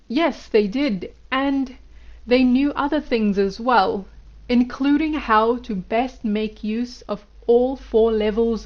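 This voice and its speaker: A woman's voice: on the high side, dull audio. A woman reading the lines of an elderly male guru, lecturing in an instructive way. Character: elderly male Indian guru, stern teacher.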